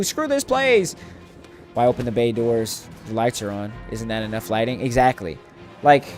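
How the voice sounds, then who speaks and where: Young guy streaming a game, rambly emphatic story, quiet game music behind. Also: medium pitch. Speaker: gaming streamer. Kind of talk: casual chat while gaming.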